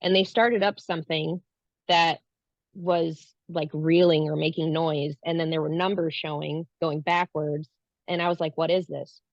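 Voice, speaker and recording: In an unhurried, deep, steady voice, a guest tells of a spiritual experience. The woman speaks earnestly yet casually, performing the words she said at the time. The recording is dry and dull lo-fi, with no room sound.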